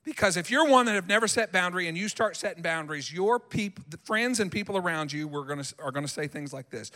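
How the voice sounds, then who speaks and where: A male pastor preaching a sermon in a church sanctuary, animated and emphatic, acting out what people say. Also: high-pitched, fast, hardly any pauses, long reverb tail.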